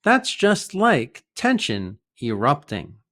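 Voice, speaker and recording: Slow, lively American man teaching. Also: a little high. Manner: slow, clear teaching delivery with short acted example dialogues. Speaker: English teacher. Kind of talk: vocabulary lesson with acted dialogues.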